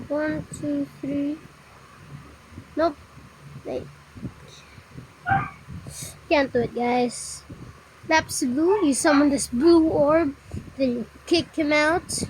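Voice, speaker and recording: High-voiced woman explaining game moves. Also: slight background noise, rough recording. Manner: rambling, halting, often stops to apologize. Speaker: gameplay tutorial narrator. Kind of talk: casual game commentary.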